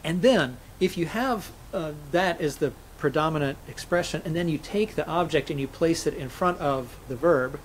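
A man's voice: fairly high pitch, normal speed, hardly any pauses, a little hiss or hum, rough recording. A man, a scholar and interview guest, explaining grammar methodically and illustrating points with spoken examples.

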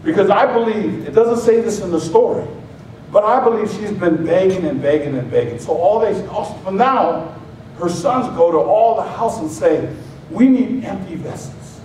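A man's voice: high-pitched, moderate pace, darkish tone. A male pastor preaching in a conversational, joking way, acting out the scenes he describes. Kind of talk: sermon. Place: church sanctuary. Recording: very echoey hall, mic far off, faint hiss.

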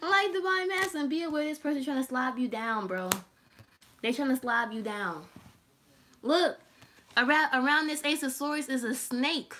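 Bright, high-voiced woman reading tarot. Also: normal speed, a little hiss or hum. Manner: animated, laughing, profane and teasing. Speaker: tarot reader.

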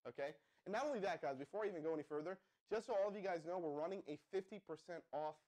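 A young man hosting a hyped live-stream marketing pitch, calling out to viewers and asking the chat to respond. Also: dark tone. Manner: pumped-up, addresses viewers as guys, asks the chat to respond. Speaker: livestream host.

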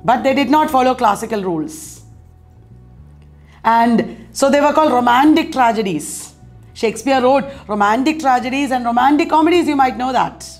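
A woman's voice: sits high, moderate pace, soft background music. A woman teaching an exam-prep literature lecture, speaking in an emphatic way and repeating key terms.

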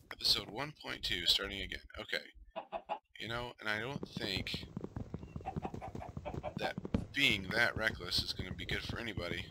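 A man's voice: fairly low pitch, heavy background noise. A man giving casual, self-talking commentary while playing a survival game, muttering and flaring up in frustration. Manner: talks to himself, mutters, flares up in frustration. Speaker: gamer streaming a survival game.

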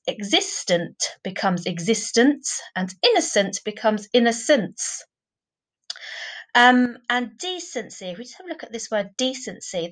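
In a recorded online lesson, a woman teaches a primary school class, speaking clearly and patiently and often tacking on tag questions. Her voice is medium-pitched, and the audio quality is poor.

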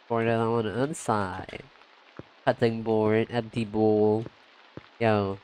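A man streaming a game, chatting casually and excitably, saying "yo" and "like" a lot and jumping up in pitch when he greets viewers. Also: takes it slowly, clear, resonant tone. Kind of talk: casual let's-play commentary.

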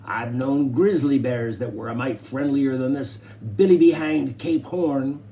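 A man reading a storybook, voicing a rough, folksy frontier gold-seeker who yells his lines. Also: medium pitch, unhurried, natural voice. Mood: grumbling. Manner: folksy, shouting.

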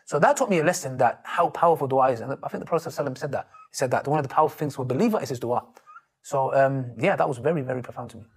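Man, fast and animated storyteller, husky tone. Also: mid-range voice. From Turkey. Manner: animated, quotes others in lively voices. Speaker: street preacher and YouTuber. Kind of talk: storytelling interview answers.

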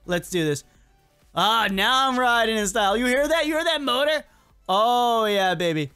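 Excitable chatty gaming commentator. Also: moderate pace, smooth, faint music behind. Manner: excitable and chatty, talks to game characters; jokey, laughs often, swings pitch up and down. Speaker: gaming video creator. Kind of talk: casual gameplay commentary.

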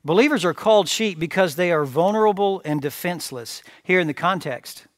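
A man's voice: high voice, animated, fairly quick, no room sound, studio quality. A man preaching a sermon as pastor, emphatic, repeating phrases and asking rhetorical questions. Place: church sanctuary.

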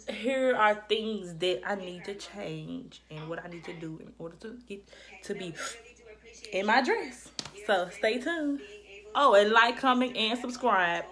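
A woman's voice: mid-range voice, a bit bright. A young woman chatting casually to camera as a vlogger, rambling and restarting often, and slightly out of breath.

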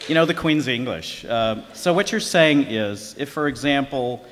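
A man's voice: medium pitch, expressive, moderate pace. A man hosting a scripted comedy act on stage, chatty and joking, with many fillers. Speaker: comedy host. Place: large lecture hall with live audience. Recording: echoey hall, crowd and noise.

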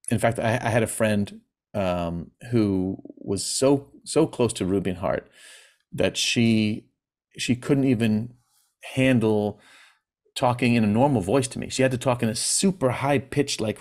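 A man's voice: medium pitch, darkish tone. A man giving a personal talk on grief, speaking candidly and plainly, with hesitant restarts. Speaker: presenter.

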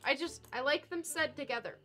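A woman's voice: sits high, brisk, sharp tone, soft background music. A woman playing an adventure game on a live stream, chatting playfully and reading game lines aloud. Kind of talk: casual let's-play chat.

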